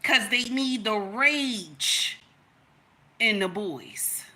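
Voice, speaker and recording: A woman's voice: medium pitch, animated, extremely slow, sharp tone. A woman, giving an emphatic, storytelling opinion monologue in which she repeats her points. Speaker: content creator.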